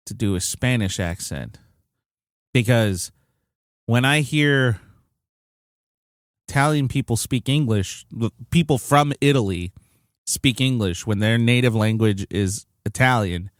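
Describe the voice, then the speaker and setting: A man's voice: medium pitch, no echo, studio quality. A man co-hosting a podcast in casual chat, rambling and hedging a lot, with some swearing. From United States. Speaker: podcast co-host.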